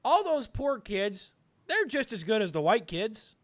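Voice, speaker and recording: High-pitched guy cracking jokes and telling stories on a podcast. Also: big pitch swings, a little slow. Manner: joking, mocking storyteller. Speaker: co-host. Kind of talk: casual podcast banter.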